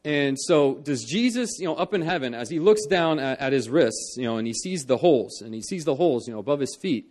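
A young man preaching a sermon in church. He talks earnestly, lifting his voice for emphasis and dropping it low for solemn parts. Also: animated, fairly quick, few pauses, darkish tone.

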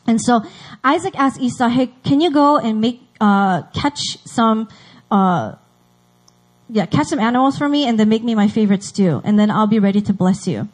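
A woman's voice: mid-range voice, animated, moderate pace, a little mellow, rough recording. A woman teaching a Bible story in a casual, chatty way, acting out the characters' lines.

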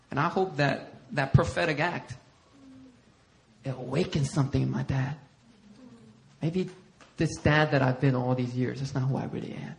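A middle-aged male pastor preaching a sermon. He tells stories against himself in an animated way and acts out what other people said. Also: mid-range voice, vocal fry. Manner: animated self-deprecating storytelling, acting out others' lines. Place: church sanctuary.

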